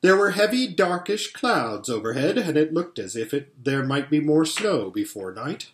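A pastor reading a storybook aloud in an expressive, animated way, in a roomy-sounding space. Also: male voice, on the high side, moderate pace. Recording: roomy echo.

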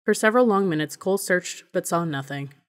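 Low-voiced woman reading an audiobook. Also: expressive, a little fast. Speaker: audiobook narrator. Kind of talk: audiobook narration.

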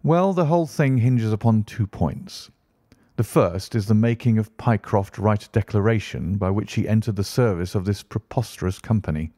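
A man reading an audiobook voices a brisk, impatient male detective who lectures in a crisp manner. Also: on the low side, warm tone, no room sound, clean studio sound, natural voice. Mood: lecturing.

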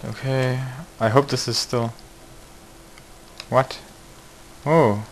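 A man's voice: medium pitch, steady tone, drawn-out words, slight background noise, poor audio. A man hosting a casual game video, joking and exclaiming at each mishap while he plays. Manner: jokey, exclaims at mishaps, mutters asides. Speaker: gaming video host. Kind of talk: casual let's-play commentary.

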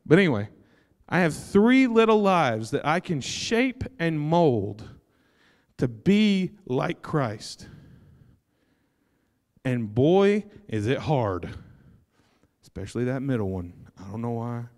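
A young man preaching a sermon, animated and joking, breaking into excited shouts. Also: mid-range voice, slow pace, long pauses. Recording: long hall reverb.

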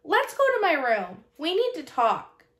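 A woman's voice: high voice, huge pitch swings, a little slow, a bit bright, pitched above the performer's own voice, full character voice. A woman voicing an anxious young boy who talks in an urgent, jittery way. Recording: roomy echo.

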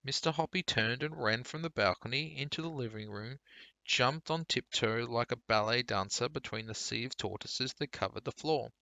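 A man teacher reading a children's storybook aloud for pupils in a clear, steady storytelling way. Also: medium pitch, moderate pace, no room sound.

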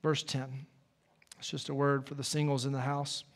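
A man's voice: mid-range voice, completely flat delivery, moderate pace, in a large hall. A male pastor preaching a sermon in a conversational way, with folksy asides to the congregation. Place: church sanctuary.

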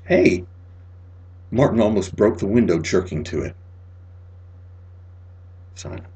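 A man reading a spooky short story aloud, dramatic, dropping to near-whispers and rising to loud cries. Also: lowish voice, unhurried, breathy edge, low-quality recording. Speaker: audiobook reader.

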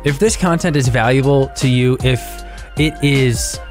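A man hosting a devotional podcast, speaking to the listener in an earnest, encouraging way. His pitch sits in a middle range for a man, and faint music plays softly behind him. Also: a little slow. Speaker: podcast host. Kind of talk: devotional talk.

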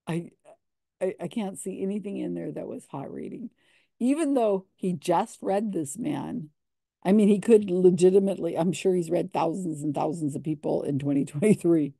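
Skeptical woman with a gravelly low voice. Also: moderate pace, dark tone, no room sound, studio quality. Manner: sarcastic, skeptical, laughs often. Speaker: commentator on psychic readings. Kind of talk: casual commentary.

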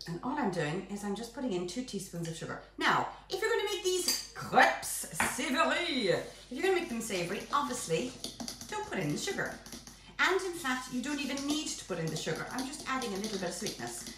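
Lively high-voiced woman baking. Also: fast, very echoey, background noise. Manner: playful, chatty, theatrical. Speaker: home baking host. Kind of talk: live baking demonstration.

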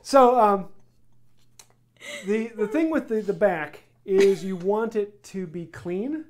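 Relaxed rambling woodworking host. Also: male voice, sits high, takes it slowly. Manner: relaxed, rambling explanations with many ums. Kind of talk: casual live-stream Q&A.

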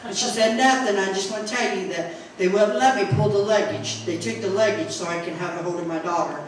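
A woman's voice: mid-range voice, brisk. A middle-aged woman with a Southern Indiana accent giving a folksy church testimony, acting out quotes and laughing often as she tells her story in the sanctuary. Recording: echoey church from far off, noisy.

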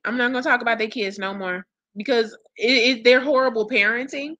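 Woman vlog host, blunt and profane, bright tense voice, a little high, dry close mic. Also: fairly quick, hardly any pauses, no echo. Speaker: commentary channel host. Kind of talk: casual gossip commentary to viewers.

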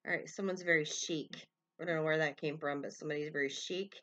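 A woman with a low, bright voice doing a collective tarot love reading for her viewers. She rambles gently and fills gaps with "um" and "you know". She calls out names and letters as they come to her. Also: fairly even intonation, quick pace. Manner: meandering, calls out names and initials as they come, frequent fillers. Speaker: tarot reader.

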